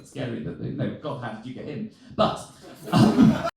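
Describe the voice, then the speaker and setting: Lively comic in an echoey club. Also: male voice, mid-range voice, moderate pace, vocal fry, recorded from a distance. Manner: chatty, self-mocking, swears freely. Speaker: stand-up comedian. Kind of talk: live stand-up set. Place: comedy club, live audience.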